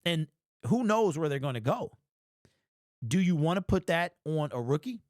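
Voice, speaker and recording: A man hosting a sports commentary channel, talking straight to his viewers in a casual, animated monologue and repeating his points. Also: fairly high pitch, normal speed, dry recording, studio quality. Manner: animated, repetitive, talks directly to viewers.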